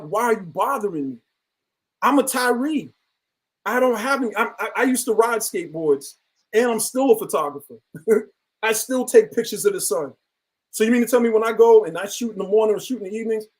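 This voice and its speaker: Earnest high-voiced man. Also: low-quality recording. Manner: earnest, reflective, rambling. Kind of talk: casual discussion.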